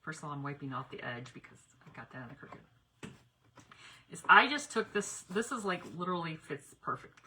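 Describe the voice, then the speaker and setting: Chatty crafter, woman, bright lively delivery, talks viewers through her work live. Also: deep voice, fairly quick, slight background noise. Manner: chatty, talks while working, addresses viewers directly. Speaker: craft demonstrator on a live stream. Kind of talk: live crafting demo chat.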